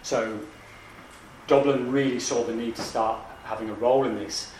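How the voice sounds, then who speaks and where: A man's voice: mid-range voice, steady tone, a little mellow, a little hiss or hum. Guy lecturing in a hall, keeps restarting himself, roomy echo, mic kinda far off. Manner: halting, many restarts and asides. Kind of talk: academic lecture.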